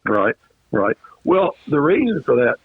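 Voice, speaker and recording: An older man calls in over a thin, tinny phone line, his voice dry and close with no room around it. He rambles through his stories and keeps coughing and clearing his throat. He sits at a middling pitch. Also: big pitch swings, unhurried, no room sound. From Virginia. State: coughing, choked up. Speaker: guest, retired race car driver. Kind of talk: casual interview storytelling. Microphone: phone call.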